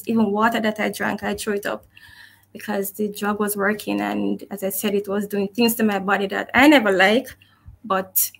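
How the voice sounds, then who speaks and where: A woman tells her own story in a conversational, reflective way. Her voice carries a noticeable gravelly rasp, and she stays earnest while laughing softly at moments. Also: mid-range voice. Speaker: guest sharing her testimony. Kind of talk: personal testimony, conversational.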